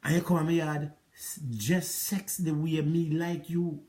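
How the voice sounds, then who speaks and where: A man's voice: fairly high pitch, little pitch movement, a little slow, a little mellow. A man with a Jamaican accent, ranting at an ex-partner in a rambling, repetitive, scolding monologue. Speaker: relationship advice vlogger.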